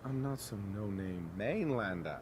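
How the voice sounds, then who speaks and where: A tough survivor hero in a video game, with a lowish voice and plain, confident delivery. Clear background noise sits under the game audio. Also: male voice, expressive, measured pace. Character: tough male wasteland survivor, the player hero.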